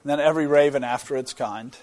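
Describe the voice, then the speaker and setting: A man delivers a Bible teaching in an earnest, explanatory way, at a middle pitch. He often restarts a phrase and repeats a word while he works out his point. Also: fast, a little mellow. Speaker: preacher.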